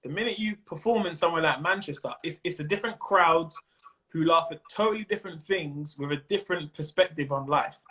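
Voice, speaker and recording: Speaking over an Instagram live stream, a London-accented comedian appears as a guest in an easygoing interview. His voice is high and bright, his tone sharp and forward, and he stays animated, using plenty of street slang and slipping into rapid impressions of other people.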